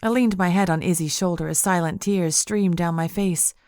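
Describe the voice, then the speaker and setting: A woman reading first-person narration of an audiobook in a measured, intimate way. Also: on the low side, fairly even intonation, a little mellow, clear, resonant tone, no room sound, studio quality.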